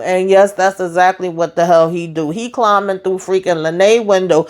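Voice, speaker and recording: A woman hosting a casual TV episode recap, animated and exasperated, with slangy asides, acting out the characters' lines as she retells scenes. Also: lowish voice, normal speed, few pauses. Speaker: TV show recap host.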